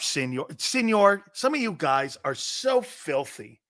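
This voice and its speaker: A brash middle-aged man hosts a live sports talk show, reading chat messages and firing back with crude, joking banter. His voice sits a touch high and swings widely in pitch, which makes it lively and animated. He never stops needling his viewers. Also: a little slow, few pauses.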